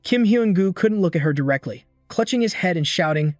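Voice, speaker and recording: A man with a somewhat high voice reads a comic story recap in an even, scripted way. The sound is dry and close to the mic, and faint music plays under him. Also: fairly quick, few pauses, no echo. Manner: even storytelling, reads quotes without acting them. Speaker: recap narrator.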